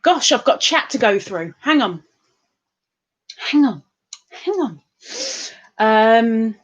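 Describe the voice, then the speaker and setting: A woman's voice: on the high side, sing-song, slow, long pauses. A woman, hosting a livestream and chatting casually as she reads out and greets viewers' comments in a sing-song, giggly way. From England. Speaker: livestream host.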